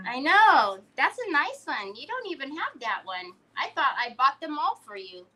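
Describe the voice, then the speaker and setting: A woman with a high, pushed, bright voice hosts a crafting livestream, chatting casually while she works and playfully teasing and fondly scolding a pet.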